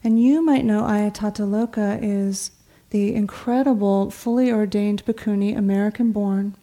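A middle-aged woman, a meditation teacher, giving a dharma talk in a meditation hall, telling stories conversationally and sometimes dropping to a soft whisper. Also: medium pitch, steady tone, normal speed. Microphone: talk recording before a seated audience.

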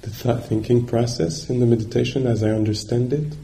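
A man's voice: mid-range voice, a little fast, gravelly, mellow. A man giving a dharma talk as a meditation teacher, searching for words and checking in with his listeners.

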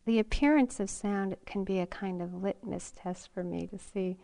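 A middle-aged woman giving a dharma talk at a meditation retreat, speaking in an unhurried, reflective way with frequent pauses and soft laughs. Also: medium pitch, vocal fry. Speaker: meditation teacher.

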